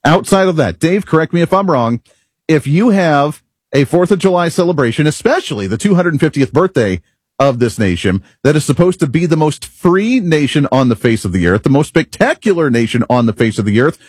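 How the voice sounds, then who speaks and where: A man's voice: on the high side, lively intonation, brisk, husky, no echo. A man hosting a political talk radio show from a studio, delivering an opinionated monologue full of rhetorical questions.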